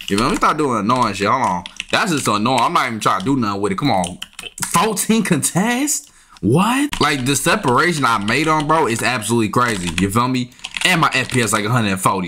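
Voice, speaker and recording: Frustrated young gamer, lively swooping voice. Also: male voice, medium pitch, a little hiss or hum. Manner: frustrated, trash-talking, yelps up when annoyed. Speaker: gaming YouTuber. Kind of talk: casual gameplay commentary. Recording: faint keyboard and mouse clicks.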